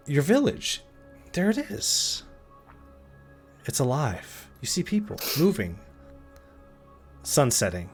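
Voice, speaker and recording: A man narrating a tabletop fantasy game as game master, in slow dramatic storytelling. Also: mid-range voice.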